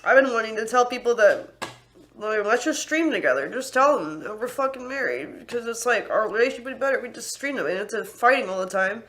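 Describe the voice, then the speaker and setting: A woman's voice: fairly high pitch, expressive, quick pace, fairly bright tone. A young woman venting in anger on an unscripted livestream, swearing often and sometimes close to tears. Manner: angry, profane, venting.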